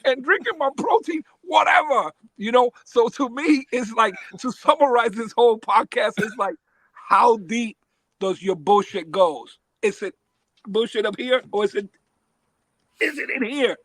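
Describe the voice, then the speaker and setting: A middle-aged man from the Bronx, a baseball academy owner, speaking as a podcast guest in an emphatic, animated way and laughing often. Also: high-pitched, unhurried, dry recording, poor audio. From Bronx, New York. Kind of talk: casual podcast interview.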